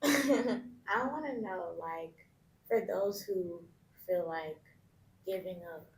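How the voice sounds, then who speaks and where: A woman with a mid-range voice speaks slowly and deliberately as she puts a question to the guest. Her voice has a roomy echo with a faint rumble behind it. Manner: curious, asks questions. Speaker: podcast co-host. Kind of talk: casual discussion. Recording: echoey room with faint rumble.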